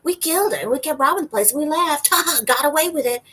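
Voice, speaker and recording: A woman voicing a creepy man who confesses a crime in a high, cartoonish lisping voice, giggling between phrases. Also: expressive, brisk, sharp tone. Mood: giggly.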